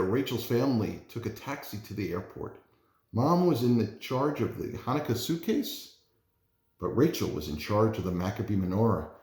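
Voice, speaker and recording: A man, a parent, reading a children's storybook aloud in an expressive, animated way. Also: medium pitch. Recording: roomy echo.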